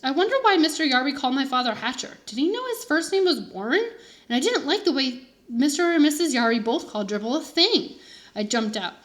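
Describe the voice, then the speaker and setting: A woman teacher reads a children's chapter book aloud to her class. Her narration is expressive and animated, her voice somewhat high. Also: brisk. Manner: expressive first-person narration. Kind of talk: storybook read-aloud for children.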